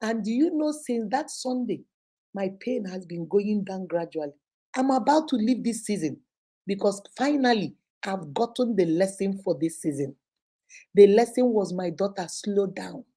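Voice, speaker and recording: A middle-aged Nigerian woman, a teacher and host, giving an animated, preachy motivational talk sprinkled with Igbo phrases. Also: medium pitch, normal speed.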